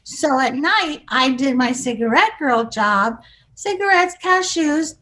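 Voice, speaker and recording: A woman's voice: high-pitched, expressive, a little slow, sharp tone. A woman in her sixties, a comedic actress, telling rambling showbiz stories and acting out the voices of people she quotes. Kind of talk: casual storytelling interview.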